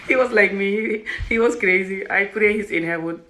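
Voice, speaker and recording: A woman vlogger telling a story in a chatty, animated way that often tips into laughter. Her voice is bright and sharp, and it rings through an echoey room. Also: mid-range voice, moderate pace. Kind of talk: casual storytelling to camera.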